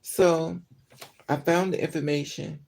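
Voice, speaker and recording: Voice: medium pitch, steady tone, unhurried, creaky, a little mellow. An upset vlogger talks straight to the camera in an angry, profane monologue. The speech is full of ums and restarts, and the speaker has been crying all day. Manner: angry, profane venting with frequent fillers.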